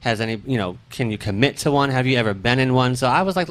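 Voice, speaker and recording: A man hosts a casual radio interview in an enthusiastic, chatty way. His voice sits at a middling pitch, and he leans on filler words as he gushes over his guest. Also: animated, quick pace, few pauses, a bit bright. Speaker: radio show host.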